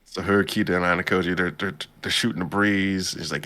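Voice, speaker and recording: A man's voice: deep voice, steady tone, quick pace, sharp tone. A man hosting a podcast, casually recapping an anime episode in a laid-back, slangy way and acting out the characters' lines. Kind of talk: casual chat.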